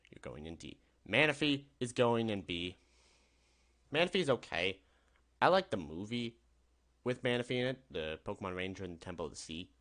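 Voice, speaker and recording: Upbeat young man, lively low voice. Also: normal speed. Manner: upbeat, rambling, self-correcting. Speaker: gaming YouTuber. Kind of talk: casual tier-list commentary.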